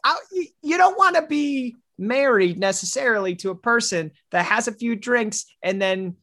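A man's voice: extremely high pitch, animated, normal speed, bright, forceful tone. A man co-hosting a podcast, chatting casually and rambling with restarts and trailing-off sentences. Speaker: podcast co-host. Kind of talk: casual chat.

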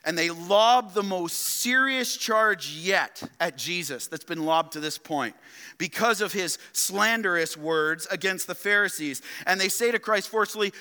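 A man preaching a sermon, swinging between loud emphatic outbursts and quiet, low asides, often asking his listeners rhetorical questions. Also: a little slow, clear, resonant tone, long reverb tail. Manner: addresses listeners as "loved ones" and asks rhetorical questions. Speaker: pastor. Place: church sanctuary.

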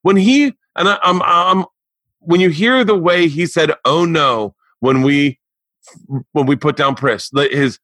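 A man in his forties hosting a podcast, telling stories in an animated, rambling, profane way. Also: a little high, a little slow, no room sound. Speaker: podcast host. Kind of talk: casual chat.

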